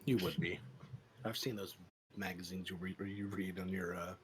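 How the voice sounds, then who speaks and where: Man, tabletop player, dry teasing, low-ish voice, faint background noise. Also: fairly even intonation, normal speed. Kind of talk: casual in-character play chat.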